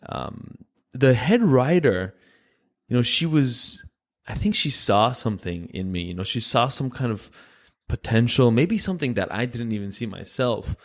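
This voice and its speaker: A man's voice: medium pitch, lively intonation, moderate pace. A man from Greece, a podcast guest telling a story in casual chat and acting out the voices of people he quotes.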